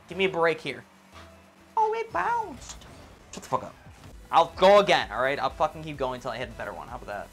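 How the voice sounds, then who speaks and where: A young man casually commentating his own gameplay, excitable and swearing a lot, yelling whenever he misses. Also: a little high.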